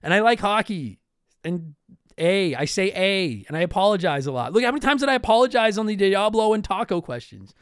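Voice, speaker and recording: A young Canadian man with a high, lively, clear and resonant voice that jumps around chats through listener questions as a podcast host. It's a casual chat full of rambling, restarted sentences and frequent apologies. The close, dry sound has no room sound at all.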